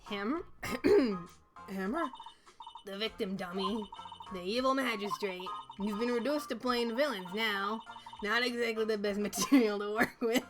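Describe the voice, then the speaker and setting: A woman voicing a cranky, nosy old female security guard in a gruff, scolding New York accent. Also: on the high side, moderate pace, music in the background, lightly acted. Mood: reminiscing.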